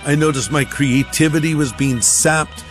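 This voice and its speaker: A man's voice: fairly high pitch, moderate pace, faint music behind. A man giving a conversational personal testimony, acting out the voices of the people in his stories.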